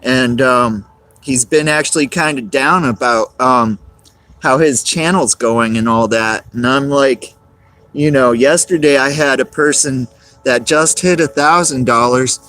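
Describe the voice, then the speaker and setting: A man's voice: mid-range voice, unhurried, sharp tone, no room sound. A man, live-streaming outdoors on a cold, windy day, rambling and greeting chat viewers by name.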